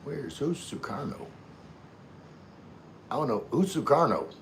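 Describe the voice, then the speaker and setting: A man's voice: medium pitch, sing-song, measured pace, creaky, noisy background. A man hosting a casual livestream, reading viewer comments aloud and chatting back in an easygoing way, often repeating words and restarting. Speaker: livestream host.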